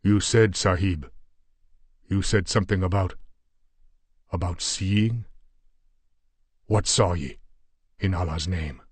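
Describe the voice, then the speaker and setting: A man voicing a big, battered, pious Afghan warrior who speaks in a croaking voice and formal, old-fashioned phrases. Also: low-pitched, slow, pauses often, no echo, heavily acted. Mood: earnest. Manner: formal archaic speech, fervent exclamations.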